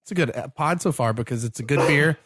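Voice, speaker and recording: A man's voice: mid-range voice, fast, fairly bright tone, no room sound, studio quality. A man co-hosting a podcast, chatting enthusiastically and joking about beer and films. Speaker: podcast co-host. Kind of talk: casual chat over beer tasting.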